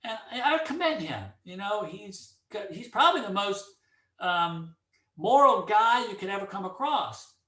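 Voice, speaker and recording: Animated, bright-voiced middle-aged man. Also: sits high, measured pace, reverberant. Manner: animated storyteller, acts out dialogue. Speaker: speaker giving commentary. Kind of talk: casual opinion monologue with anecdote.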